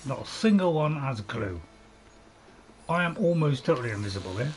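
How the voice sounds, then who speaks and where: A man's voice: mid-range voice, sing-song, fairly quick, rough recording. A British man hosting a gameplay video, chatting and joking at his own expense while he plays. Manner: chatty, joking, self-mocking, laughs often. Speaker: gaming video host. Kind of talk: let's-play commentary. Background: dog barking nearby.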